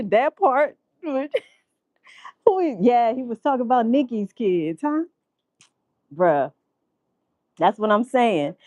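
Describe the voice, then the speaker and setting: A woman vlogger, telling a story in profane, animated casual commentary and laughing often. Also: fairly high pitch, no echo.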